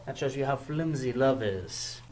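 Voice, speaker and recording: Lively student audio-drama voice. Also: medium pitch, unhurried, slight background noise, rough recording. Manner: shifts between characters, swinging from hushed to loud. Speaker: student performer voicing every part. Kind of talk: homemade audio drama acting.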